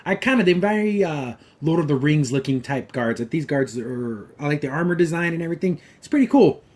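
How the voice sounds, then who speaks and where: A man's voice: fairly high pitch, animated, brisk, darkish tone. A man hosting a podcast, giving a casual, rambling and wry review of a cartoon episode. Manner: rambling, hedges often with "kinda" and "like"; wry and critical.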